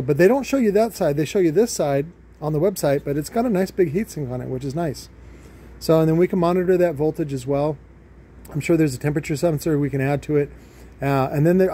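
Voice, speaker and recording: Male shop host, unboxing video, loose filler-heavy ramble, slightly raised pitch, soft dark tone. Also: breathy edge. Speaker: car audio shop owner and video host. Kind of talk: casual product unboxing talk.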